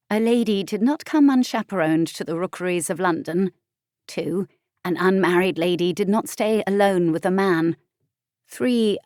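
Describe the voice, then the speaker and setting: A woman narrating an audiobook with expressive storytelling. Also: lowish voice, no echo, studio quality.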